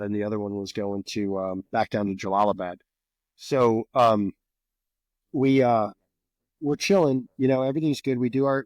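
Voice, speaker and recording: Middle-aged guest from New Jersey, swears freely, animated storyteller, dry close sound. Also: male voice, on the low side, no echo. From New Jersey, USA. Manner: profane, animated, repeats words. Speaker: guest, Green Beret veteran. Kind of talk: casual storytelling.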